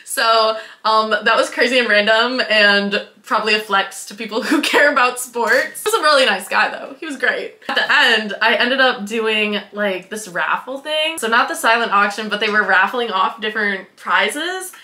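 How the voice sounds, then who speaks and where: A woman's voice: on the high side, normal speed, few pauses, pushed and bright, reverberant. A young woman from Wisconsin telling a story to her vlog, bubbly and giggly, full of "like" and acted-out quotes. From Wisconsin, USA. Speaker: vlogger. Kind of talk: casual storytelling.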